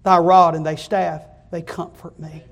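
A male preacher delivering a fervent sermon that keeps rising to loud, repeated climaxes. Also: on the high side, level tone, unhurried.

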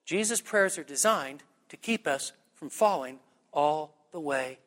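A man preaching a sermon, animated and joking, with a high, bright, ringing voice. He talks slowly and deliberately, and the long reverb of a church hall trails after each phrase. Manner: animated, humorous, rising to high emphatic peaks. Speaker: pastor. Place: church sanctuary.

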